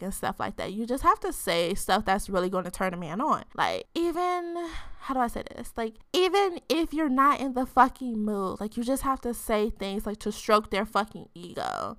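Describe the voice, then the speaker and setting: Woman host, a little tipsy, bright and forceful, cursing freely, rambling casual talk, dry close sound. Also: fairly high pitch, big pitch swings, moderate pace, hardly any pauses, no echo. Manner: loose, profane, rambling talk full of "like" fillers; says she code-switches into a different voice on the podcast. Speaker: podcast host. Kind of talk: casual frank sex-advice chat.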